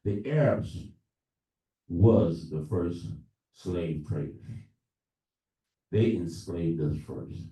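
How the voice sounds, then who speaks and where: A man leading a libation in a church service, earnest, with halting pauses and restarts. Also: deep voice, mellow. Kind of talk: preaching-style address. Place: church hall during a live service. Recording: echoey room from far off.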